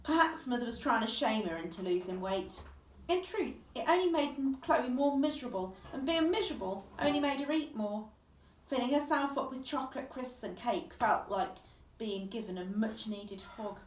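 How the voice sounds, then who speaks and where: Brief: expressive woman storyteller reading aloud, lively voice, echoey room. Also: on the high side, moderate pace. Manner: expressive storytelling with vivid emphasis. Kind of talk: reading a children's book aloud. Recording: echoey room, distant mic.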